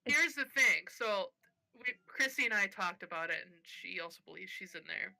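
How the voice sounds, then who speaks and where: A young woman co-hosting a casual fan chat, speculating in a hesitant, halting way. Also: mid-range voice, lively intonation, vocal fry, sharp tone, rough recording. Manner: speculative, hesitant, restarts often. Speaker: podcast co-host.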